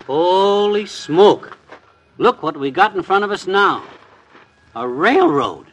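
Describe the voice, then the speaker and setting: An actor playing a brash, teasing husband who brags on the golf course, in 1940s radio comedy. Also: male voice, high voice, big pitch swings, measured pace, pushed and bright, slightly rough, heavily acted. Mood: boastful. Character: boastful, wisecracking husband golfer.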